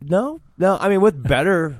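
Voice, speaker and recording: A man co-hosting a podcast casually, halting and searching for his words. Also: sits high, sing-song, no room sound. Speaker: podcast co-host.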